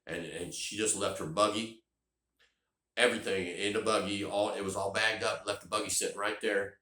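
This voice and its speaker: Middle-aged guy telling a funny story, lower voice but bright, rambly and cussing, echoey room. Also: steady tone, moderate pace. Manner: rambling and profane, lots of restarts and "you know". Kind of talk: comedic personal storytelling.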